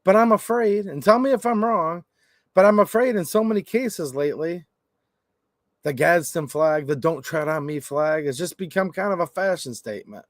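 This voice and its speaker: A gun rights channel host runs a livestream in a rambling, joking style, chatting casually and reading comments from the chat aloud. His voice is on the high side and animated, at normal speed, with dry, clean studio sound.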